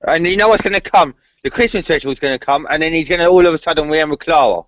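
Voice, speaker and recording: A man's voice: fairly high pitch, very fast, fairly bright tone, no echo. Hesitant guy on a podcast, lots of ums, dry lo-fi audio. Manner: hesitant, stumbling, many fillers. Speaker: podcast co-host. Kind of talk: fan podcast discussion.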